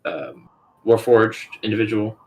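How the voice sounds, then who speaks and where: A man narrating as dungeon master, halting and full of filler words. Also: lowish voice, a little mellow. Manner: halting, full of ums and likes. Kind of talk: narrating a tabletop game.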